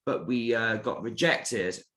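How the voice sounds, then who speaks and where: A man's voice: medium pitch, slow, fairly bright tone. A man in a casual interview chat about his robot combat team, rambling through a story with plenty of fillers and restarts.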